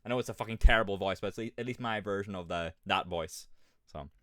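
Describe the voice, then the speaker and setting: A man's voice: on the low side, fast talker, fairly bright tone, dry recording, studio quality. A man with an Irish accent, streaming a game and chatting casually, rambling, swearing often and laughing at himself. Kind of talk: casual gaming chat.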